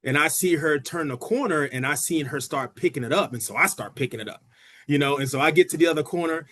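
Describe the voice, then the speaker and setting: Lively Brooklyn man telling a story. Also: fast talker. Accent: New York. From Brooklyn, New York. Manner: lively, acts out dialogue with big pitch jumps. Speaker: university track head coach, guest. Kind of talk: animated storytelling in a podcast interview.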